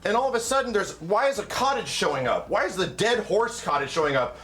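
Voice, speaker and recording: A man co-hosting a casual gaming debate, telling stories in an animated, profane way. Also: high voice, fairly quick. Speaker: co-host of a gaming debate stream. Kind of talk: casual group chat.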